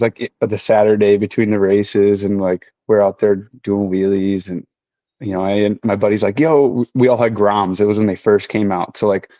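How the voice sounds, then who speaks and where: Man, motorcycle racer guest, low mellow voice, muffled lo-fi sound, easygoing chat. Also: no echo. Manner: relaxed, many fillers like "you know". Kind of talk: casual conversation.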